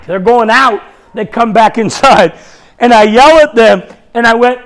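Bold high-voiced male preacher, gravelly edge. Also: normal speed. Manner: bold, humorous, laughing asides, acts out dialogue. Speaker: evangelist preacher. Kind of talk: charismatic sermon with storytelling.

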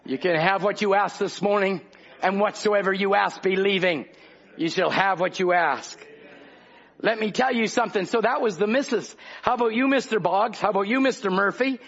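A man's voice: high voice, moderate pace, a bit bright, breathy edge. A man preaching a fervent revival sermon, calling out to the congregation in rhythmic bursts. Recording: dull lo-fi old recording.

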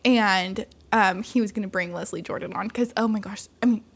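A woman's voice: medium pitch, fairly quick, creaky, breathy edge. A woman chatting casually, telling stories with lots of laughter and acted-out quotes. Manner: animated storyteller, laughs often, acts out quotes. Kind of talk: casual chat.

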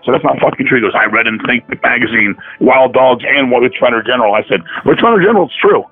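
A man telling stories in a casual chat, profane and animated, acting out the dialogue of the people he quotes. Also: medium pitch, quick pace. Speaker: podcast guest, metal musician. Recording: tinny phone-line audio.

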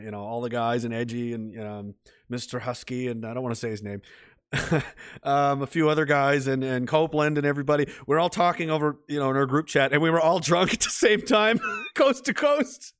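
A man's voice: medium pitch, fairly quick, fairly bright tone, smooth, dry recording, clean studio sound. A middle-aged man hosting a casual livestream, reading out chat messages and rambling in a profane, mocking way, with frequent laughs.

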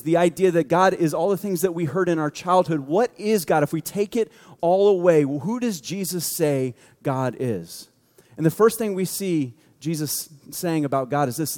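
A man with a high voice preaches a sermon in a loose, conversational way, full of jokes and lively asides. His voice rings through a large hall with a long, trailing reverb. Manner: animated, joking, conversational preaching. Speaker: pastor.

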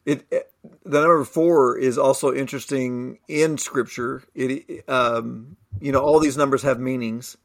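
A man co-hosting a Bible discussion podcast, thoughtful and halting, reading scripture aloud. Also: medium pitch, steady tone, creaky. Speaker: podcast co-host.

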